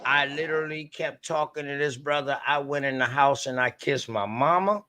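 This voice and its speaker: A man's voice: medium pitch, normal speed, sharp tone, a little hiss or hum. Raw, emotional Southern man storytelling. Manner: raw, profane, heartfelt storytelling to viewers. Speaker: livestream host. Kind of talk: emotional livestream talk.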